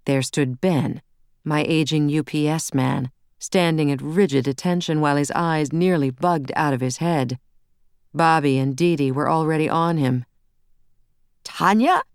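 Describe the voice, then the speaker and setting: A woman reading a first-person novel aloud in a brisk, wry, intense storytelling manner, close on a studio mic. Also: low voice, fairly even intonation, darkish tone, smooth, dry recording. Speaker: audiobook narrator.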